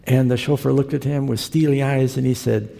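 A man's voice: medium pitch, steady tone, brisk, creaky, warm tone. A man preaching a sermon, telling folksy stories and acting out the people he quotes. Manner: folksy storyteller, acts out quoted characters. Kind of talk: sermon with storytelling. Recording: long reverb of a large hall.

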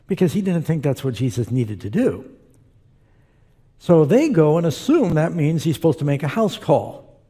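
A man preaching in a church hall, his fairly high, mellow voice trailing off into long reverb. He reads scripture aloud and breaks off for relaxed, conversational asides to the congregation. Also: normal speed, breathy edge. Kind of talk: sermon with scripture reading.

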